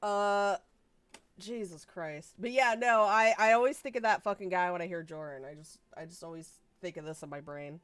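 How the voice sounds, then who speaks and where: A woman casually chatting on a livestream, blunt and excitable, swearing freely. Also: on the low side, a little fast, few pauses, dry recording. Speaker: livestream host.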